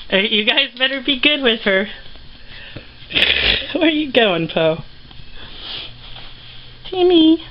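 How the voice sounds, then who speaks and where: A woman's voice: fairly high pitch, expressive, slow, long pauses, dull audio, slight background noise. A woman filming a casual home video, chatting to her puppies and pets in a sing-song voice and laughing often.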